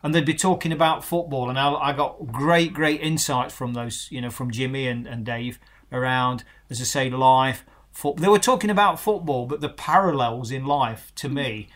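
A man with a middle-pitched voice interviews a guest in casual conversation. He reflects at length and tells rambling anecdotes. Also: normal speed, fairly bright tone.

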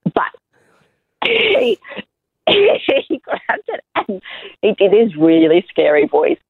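An Australian woman in her thirties chats on a podcast, her pitch leaping around as she tells stories. The sound is tinny and phone-like, dry and close, with no room around it. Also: slow, creaky, breathy edge, dry recording. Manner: chatty, animated storytelling with laughs. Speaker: podcast co-host. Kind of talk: casual chat.

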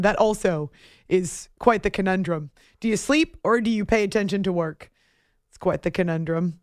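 A woman's voice: mid-range voice, no echo. A woman hosting a late-night sports radio show in a studio, playful and teasing, laughing often and a bit giddy from lack of sleep. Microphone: studio mic.

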